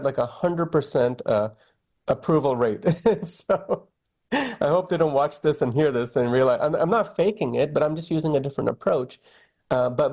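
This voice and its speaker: Man, middle-aged oncologist, frank and animated in an interview. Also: medium pitch. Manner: candid, animated storytelling with quoted dialogue. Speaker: oncologist guest. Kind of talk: conversational interview.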